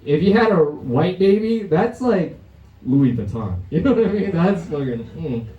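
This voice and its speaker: Young male comic with a high-leaning, mellow voice, brash crude stand-up, live club mic in a roomy space. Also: expressive, normal speed, far from the mic, muffled recording. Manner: brash, crude, laughing at his own jokes. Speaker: stand-up comedian. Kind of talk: stand-up set at an open mic. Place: comedy club stage.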